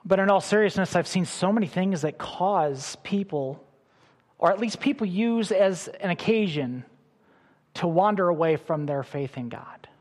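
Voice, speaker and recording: A middle-aged male pastor delivers a sermon with a fairly high voice, swinging between loud bursts and quiet asides. His words ring out with a long reverb from a large church hall. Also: measured pace. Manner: animated preaching with sudden loud bursts and soft drops.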